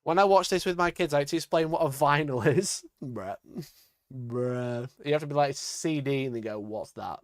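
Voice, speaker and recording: A man's voice: fairly high pitch, moderate pace, no echo, studio quality. A man chatting casually on a live stream, joking and swearing often, with frequent laughter.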